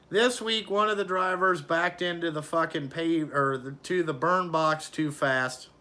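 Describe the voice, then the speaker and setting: A man's voice: fairly high pitch, bright, forceful tone. A middle-aged man who runs a trucking company, ranting bluntly and profanely about his drivers in a casual vlog.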